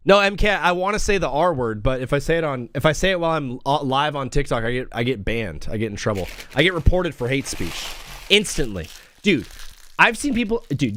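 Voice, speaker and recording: A man's voice: medium pitch, a bit bright, no echo. A young man hosting a live sports talk stream, brash and rambling, joking as he reads the chat. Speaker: sports talk show host.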